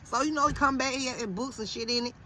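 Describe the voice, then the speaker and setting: A woman in her thirties with a high, bright, slightly tense voice tells a casual, profane story. She's animated and quick to quote others, acting out every line she repeats. A faint hiss sits beneath the recording.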